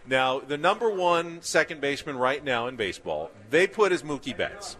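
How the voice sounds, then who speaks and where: Bright-voiced male sports radio host. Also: mid-range voice, big pitch swings. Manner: measured, explanatory, emphatic. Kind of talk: casual sports talk.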